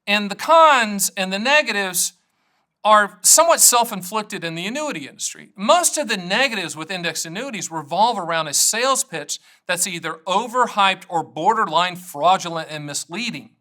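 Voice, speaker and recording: Bright, lively middle-aged agent. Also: male voice, high voice, moderate pace. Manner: energetic, joking, digressive. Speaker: annuity agent. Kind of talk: casual direct-to-camera talk.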